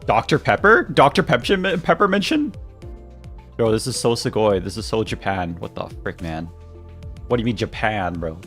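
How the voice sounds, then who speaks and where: A man's voice: fairly low pitch, expressive, normal speed, fairly bright tone, faint music behind. A young man streaming a game, reading its dialogue aloud in playful voices and joking with his chat.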